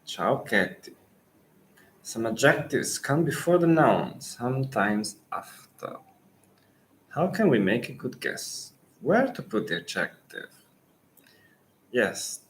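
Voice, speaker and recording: Slow, low-voiced Italian-accented man. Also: a little hiss or hum, low-quality recording. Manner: thoughtful, pausing, with restarts. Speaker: Italian language coach. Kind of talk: live Q&A lesson.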